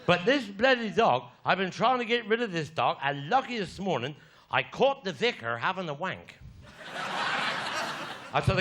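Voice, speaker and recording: A man's voice: sits high, big pitch swings, moderate pace, pauses often, a bit bright, a little hiss or hum. A man with a Cornish accent telling bawdy stand-up stories in a broad, yarn-spinning way. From Cornwall. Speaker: stand-up comedian. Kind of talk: stand-up storytelling.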